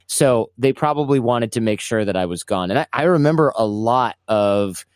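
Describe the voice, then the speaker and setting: At normal speed and medium pitch, a man talks with hardly any pauses on a dry, clean studio recording. As a guest in an interview, he recounts his past casually and animatedly, stumbling, restarting often, and performing the people he quotes.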